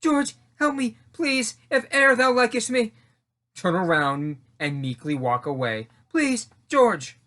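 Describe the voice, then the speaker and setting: A man voicing a frightened teenage girl in a home reading of a mock-Shakespearean play, in a pleading falsetto. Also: big pitch swings, takes it slowly, pushed and bright, heavily acted. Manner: pleading, high-pitched falsetto.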